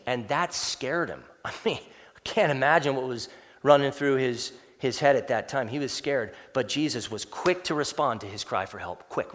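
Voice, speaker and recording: A man preaching a sermon as pastor, talking conversationally and often addressing listeners as folks. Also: mid-range voice. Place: church sanctuary. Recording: long hall reverb.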